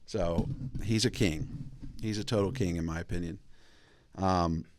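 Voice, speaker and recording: A man with a fairly low voice talks his way through a loose, rambling comic monologue as host of his own show. He wanders off on tangents, circles back, and chuckles at his own jokes. The sound is dry and close, with no room around it. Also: a little slow, a little mellow, no room sound. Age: adult father of kids. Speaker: podcast host.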